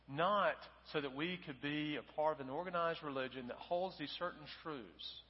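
Man, pastor, conversational sermon, higher voice, long church reverb. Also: moderate pace, muffled recording. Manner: conversational preaching with fillers, dramatizes quoted lines. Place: church sanctuary.

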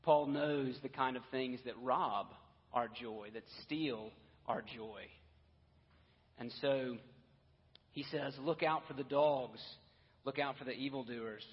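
A man's voice: medium pitch, slow, pauses often, slightly rough. A man preaching a sermon as pastor, earnest, with casual asides and restarts. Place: church sanctuary. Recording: dull, echoey church hall audio.

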